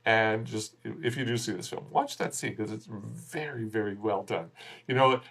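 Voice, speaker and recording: A man's voice: on the low side, moderate pace, a bit bright, slightly rough. A man giving a casual spoken film review, rambling a little and chuckling wryly at his own jokes. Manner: rambling, with frequent fillers and restarts.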